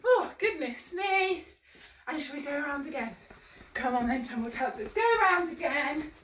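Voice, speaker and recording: A bright, high-pitched woman speaks at normal speed, leading a live-streamed action-song class for toddlers. She's upbeat and sing-song, coaxing the little ones along, a bit out of breath as she moves while talking. The recording has a roomy echo, with her voice heard from a distance.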